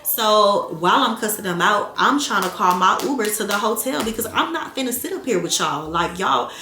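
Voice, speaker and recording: Young woman vlogger, storytime, loud and profane, mid-range voice, echoey room. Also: medium pitch, moderate pace. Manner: animated, blunt and profane, addresses viewers as y'all. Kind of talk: casual storytime to camera. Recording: echoey room with faint music.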